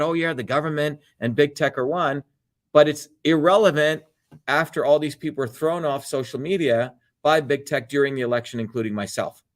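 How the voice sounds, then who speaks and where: A man hosting his own live show, delivering a fiery, blunt and profane monologue. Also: fairly high pitch. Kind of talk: livestream monologue.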